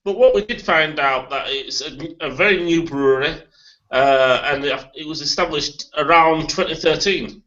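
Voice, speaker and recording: A rambling man chats his way through a beer tasting, laughing as he goes. His voice is bright and fairly high for a man. The audio is dull and lo-fi, like a cheap home recording. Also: normal speed. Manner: chatty, rambling, laughs often. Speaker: beer review host. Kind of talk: casual beer tasting chat.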